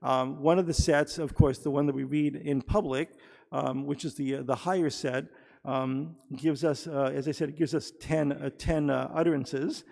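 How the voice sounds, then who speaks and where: A man giving a teaching sermon in a synagogue, explaining step by step and pausing often with fillers and restarts. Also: on the high side, fairly even intonation, creaky, a little mellow. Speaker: rabbi or cantor. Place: synagogue sanctuary. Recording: long hall reverb.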